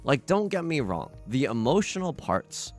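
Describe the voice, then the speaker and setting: A young man streaming a game, chatting in a rambling, self-deprecating way with sudden loud outbursts. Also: medium pitch, very animated, moderate pace, soft background music. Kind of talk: casual livestream chat while gaming.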